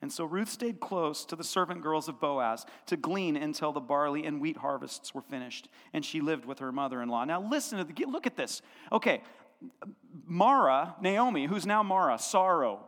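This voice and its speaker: A male pastor with a high-pitched voice delivers a lively sermon, voicing the characters in his story as he goes. The sound carries a long reverb from the church hall around him. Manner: animated storytelling, acting out biblical characters' lines. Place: church sanctuary.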